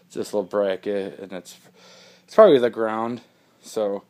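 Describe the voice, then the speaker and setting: A man's voice: fairly low pitch, steady tone, normal speed, darkish tone. A man casually talking through his motorcycle project in a home garage, rambling with lots of ums and uhs. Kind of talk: casual workshop vlog.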